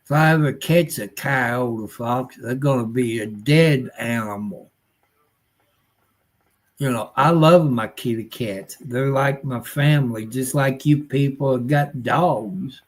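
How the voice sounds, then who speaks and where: Live-stream host, older man, unhurried folksy rambler with a plain middle-pitched voice. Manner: folksy, rambling, grumbling, with rural nonstandard grammar. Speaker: livestream host.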